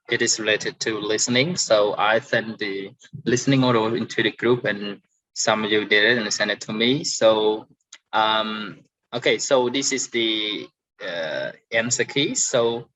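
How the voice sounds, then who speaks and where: Slow, hesitant Cambodian-accented male teacher. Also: mid-range voice, poor audio. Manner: hesitant, many fillers, stresses sample words loudly. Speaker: English teacher. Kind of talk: online grammar and pronunciation lesson.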